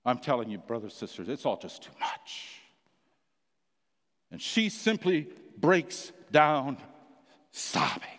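A man preaching a sermon, telling the story with passion, his voice swelling loud and then sinking almost to a whisper. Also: mid-range voice, sing-song, takes it slowly, pauses often, big-room sound.

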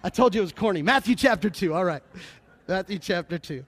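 A man preaching to his congregation, his voice pitched high for a man. He jokes and teases, then falls into quiet, confiding asides before building back up. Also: brisk. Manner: lively, joking preacher with sudden drops to a quiet aside. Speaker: pastor. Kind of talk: sermon.

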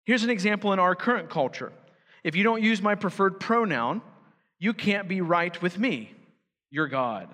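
A man's voice: sits high, expressive, normal speed, a bit bright. A man preaching a sermon as pastor, emphatic and building to fervent urgency. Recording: church hall reverb.

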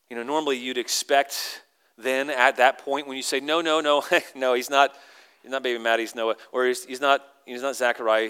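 A pastor preaching a sermon, animated and acting out the crowd's lines in sudden high voices. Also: male voice, clean tone.

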